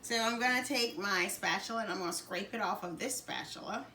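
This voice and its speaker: In a home kitchen, a woman with a Southern US accent hosts a cooking demonstration, talking at a fairly quick clip in a medium-pitched voice. She chats straight to her viewers and laughs a lot, while loud mixer noise and clicks fill the recording.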